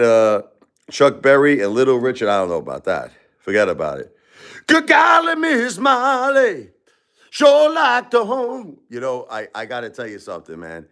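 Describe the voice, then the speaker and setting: Brash Brooklyn man in his forties. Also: lowish voice. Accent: New York (Brooklyn). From Brooklyn, New York. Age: 40s. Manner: brash and excitable, laughs often, repeats a catchphrase. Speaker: livestream pianist and singer. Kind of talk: casual livestream chat between songs. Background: faint piano music.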